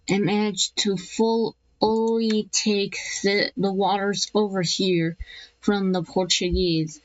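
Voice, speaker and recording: Slow, rambling woman narrating a map. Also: medium pitch, level tone, dry recording, lo-fi sound. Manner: rambling, self-correcting, slips into playful voiced asides. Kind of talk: casual narration over an animated map.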